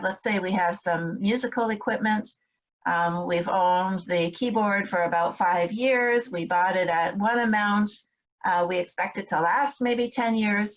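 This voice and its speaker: A woman's voice: mid-range voice, dull audio. A woman instructor giving a recorded training lecture, explaining step by step with frequent fillers and check-ins with her listeners. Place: home, in Michigan.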